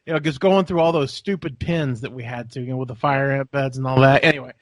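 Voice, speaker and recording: A man's voice: medium pitch, fairly even intonation, quick pace, no room sound. A man co-hosting a podcast, telling a long rambling story in casual chat and acting out the people in it. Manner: rambling storyteller, acts out voices, laughs often. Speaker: podcast co-host.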